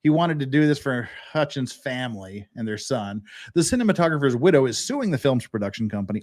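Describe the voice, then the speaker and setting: A man's voice: mid-range voice, big pitch swings, fairly quick, a little mellow. A man hosting a live-stream legal commentary show, ranting in a profane, sarcastic and exasperated way.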